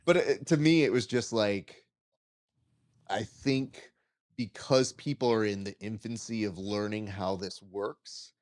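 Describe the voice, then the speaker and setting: A man hosting a casual interview podcast, telling stories in an animated, joking way. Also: lowish voice, measured pace. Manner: animated joking storyteller, acts out quotes. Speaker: podcast host.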